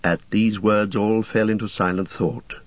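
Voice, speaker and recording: A man narrating an audiobook in a measured, even storytelling manner. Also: on the low side, no echo. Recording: dull dry audiobook recording.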